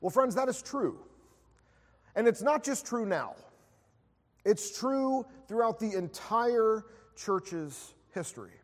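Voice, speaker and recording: A man's voice: high voice, animated, slow, pauses often. A man preaching a sermon, opening in prayer and telling a story with frequent filler words. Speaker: pastor. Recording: long hall reverb.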